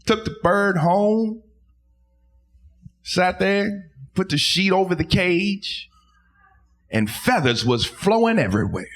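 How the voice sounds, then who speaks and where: A man doing a loud, animated stand-up set with crude punchlines, then chatting casually on a live comedy podcast stage. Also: high voice, slow, long pauses.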